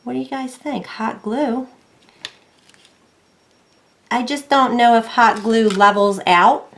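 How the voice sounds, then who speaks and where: Woman, casual crafting host, unhurried and chatty, talks to herself while working, faint clicking behind. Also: medium pitch, a little hiss or hum. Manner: chatty, thinks aloud while working, self-deprecating. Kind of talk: casual craft tutorial narration. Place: home craft desk.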